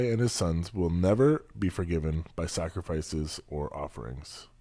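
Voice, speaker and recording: A man's voice: sits low, expressive, normal speed, hardly any pauses, dark tone, no room sound. A man co-hosting a church podcast, reading scripture aloud and adding dry quips. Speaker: podcast co-host. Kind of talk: casual Bible discussion podcast.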